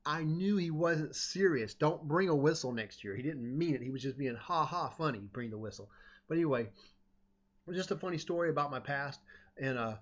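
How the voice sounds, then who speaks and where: A man tells a personal story in a casual, rambling way, cutting himself off and restarting often. His voice sits a little high, and the recording sounds dull and lo-fi. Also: normal speed. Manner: rambling, self-interrupting, animated. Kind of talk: casual anecdote telling.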